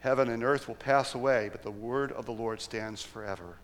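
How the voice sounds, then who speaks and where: A man preaching in church, who reads scripture solemnly and talks through his points in a halting way with restarts. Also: mid-range voice, fairly even intonation, big-room sound. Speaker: pastor. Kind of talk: sermon with scripture reading.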